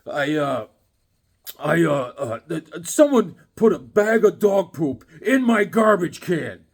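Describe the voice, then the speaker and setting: A man's voice: on the high side, big pitch swings, slow pace, gravelly, husky, heavily acted. A man putting on a clipped, touchy neighbor. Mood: indignant. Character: curt, touchy middle-aged male neighbor.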